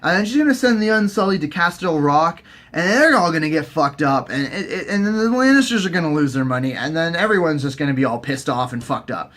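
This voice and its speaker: A man giving a profane, excitable casual recap as a vlogger. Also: sits high. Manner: excitable, sweary, animated.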